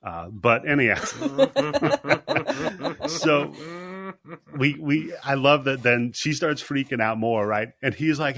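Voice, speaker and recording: A man hosting a casual movie podcast, talking in an animated, profane way and acting out scenes. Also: mid-range voice, slow, gravelly, pauses often. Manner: animated, profane, acts out characters. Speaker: podcast host.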